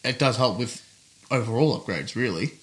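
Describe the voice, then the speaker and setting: A man's voice: mid-range voice, lively intonation, a bit bright. Man, podcast co-host, chatty and teasing. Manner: chatty, teasing, quick to laugh. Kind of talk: casual chat.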